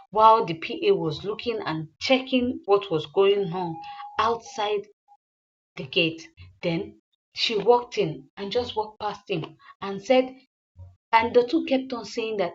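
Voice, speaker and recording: Brief: woman, casual film recap narration, mid pitch, muffled recording. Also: slow pace. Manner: rambling, with fillers and repeats. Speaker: movie recapper. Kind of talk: casual plot retelling.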